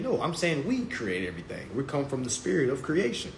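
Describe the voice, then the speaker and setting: A man's voice: a little fast, a little hiss or hum. A man giving a casual live-stream monologue, brash, profane and mocking as he promotes his class. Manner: lively pitch swings.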